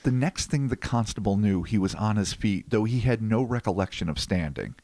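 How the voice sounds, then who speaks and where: A man's voice: lowish voice, lively intonation, normal speed, darkish tone, no room sound. A man hosting a podcast, reading case narration and riffing in a casual, profane, joking way. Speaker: podcast host.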